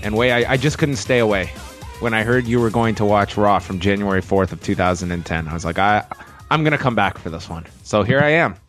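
A man's voice: fairly low pitch, a little fast, fairly bright tone, faint music behind. A man hosting a casual wrestling podcast, joking dryly and now and then tripping over his words. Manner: joking, dry, with small stumbles. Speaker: podcast host.

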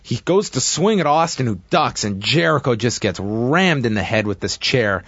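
A man casually recapping a wrestling match play by play, with steady narration and frequent fillers. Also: mid-range voice, moderate pace, dry recording, lo-fi sound.

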